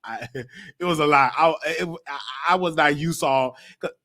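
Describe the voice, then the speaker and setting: Man, host, high voice, bright tone, casual rambling commentary, restarts sentences. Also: moderate pace. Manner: rambling, self-correcting, reads viewer comments aloud. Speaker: show host. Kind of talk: casual commentary on an old broadcast.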